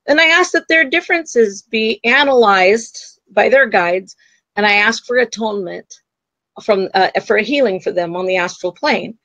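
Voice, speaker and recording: A woman's voice: medium pitch, animated, moderate pace, a bit bright, no echo, muffled recording. A woman guest, a psychic medium, telling a story in an interview and acting out the voices she quotes. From United States.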